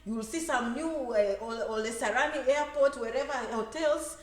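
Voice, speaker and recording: Animated high-voiced woman in an echoey room. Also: normal speed. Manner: animated, acts out quoted voices, repeats phrases for emphasis. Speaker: immigration advisor and speaker. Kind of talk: lively motivational talk to an audience.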